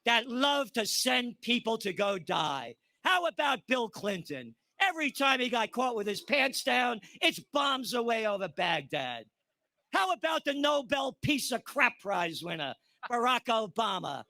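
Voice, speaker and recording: A man's voice: very high-pitched, big pitch swings, measured pace, vocal fry, bright, forceful tone, no room sound. A man in his seventies delivering an angry, sardonic monologue as a commentator. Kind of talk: impassioned monologue.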